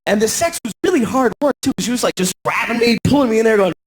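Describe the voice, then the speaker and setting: Fast and expressive, an American man performs a crude, self-deprecating stand-up routine, acting out voices with big pitch swings. The recording is very noisy.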